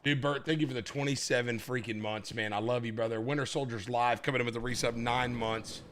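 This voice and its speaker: A man's voice: mid-range voice, a little fast, a little hiss or hum. A young man, a brash, chatty streamer playing a marshal in a live roleplay. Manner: animated, brash, chatty with viewers.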